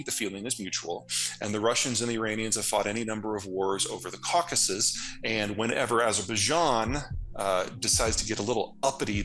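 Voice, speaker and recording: A man's voice: fairly low pitch, sharp tone. A man from the United States, a guest analyst, answering interview questions in a blunt, fluent way with casual asides.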